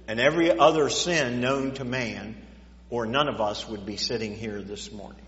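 A man's voice: medium pitch, moderate pace, a bit bright. A man preaching a sermon in a church, repeating words as he stammers and rising and falling in volume. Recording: echoey dull church hall recording.

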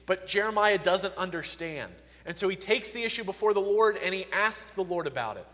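A man with a high, light voice delivers a sermon. He reads the scripture with building emphasis and often restarts a phrase before pressing on. His voice trails off in the long reverb of a large hall. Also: animated, a little fast, few pauses, sharp tone. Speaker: preacher.

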